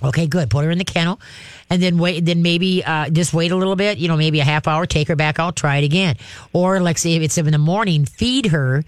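A radio host and dog trainer with a fairly high, clear, resonant voice speaks briskly on his call-in show about dogs. His advice is folksy and chatty, dotted with "okay?" and "all right?" check-ins, and the sound is clean studio with no room sound.

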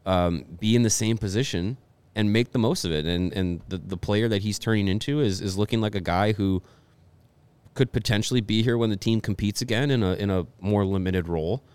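Low-voiced man co-hosting a podcast. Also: fairly quick, clean tone. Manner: relaxed, rambling with restarts. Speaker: podcast co-host. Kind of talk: casual sports talk.

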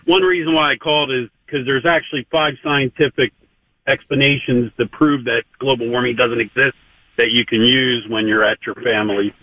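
A male caller on a radio show, speaking in a hesitant, halting way over a dull phone line. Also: medium pitch, fairly even intonation, no room sound. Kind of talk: phone-in call.

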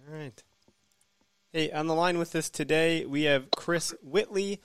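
A man's voice: fairly high pitch, a bit bright, clear, resonant tone, no echo, clean studio sound. Upbeat Wisconsin man hosting a podcast. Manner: upbeat, friendly, quick banter. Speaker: podcast host. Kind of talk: casual podcast interview.

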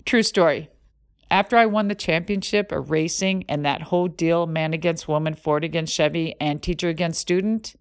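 A middle-aged woman hosting a podcast, telling a racing story in a lively, profane way with vocal sound effects. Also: sits low, gravelly. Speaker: podcast host and former monster truck driver.

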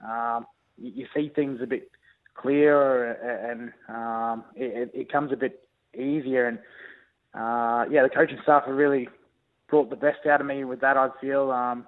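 A young Australian man, a rugby league player, chatting easygoingly in a phone interview, halting with many ums and restarts. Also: mid-range voice, flat delivery. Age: young adult. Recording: tinny phone line.

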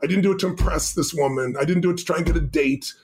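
Guy on a podcast telling a story, high voice, talks fast, acts out the quotes. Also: a little mellow. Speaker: guest.

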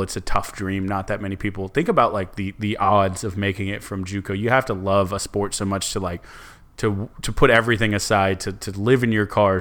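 A man's voice: fairly low pitch, a bit bright. A young man co-hosting a podcast, chatting casually and rambling with lots of fillers and restarts. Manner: rambling, restarts often, many "like"s and "um"s. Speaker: podcast co-host.

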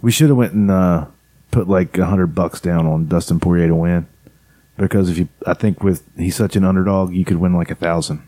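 A man's voice: deep voice, fairly even intonation, a little fast, mellow. A man co-hosting a podcast, chatting casually with wry, joking banter. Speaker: podcast co-host. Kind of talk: casual chat.

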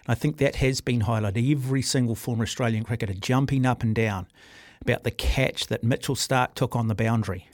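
A man's voice: mid-range voice, brisk, dry recording, studio quality. A middle-aged man with a New Zealand accent hosting a sports talkback radio show. He speaks in a forthright, opinionated way. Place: radio studio. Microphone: studio microphone.

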